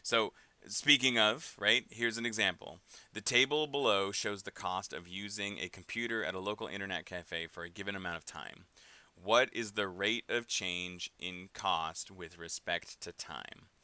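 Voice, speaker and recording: Casual man teaching math, crisp dry voice. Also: deep voice, moderate pace, sharp tone, no room sound. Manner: casual, with frequent fillers and tag questions. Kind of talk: recorded classroom lesson.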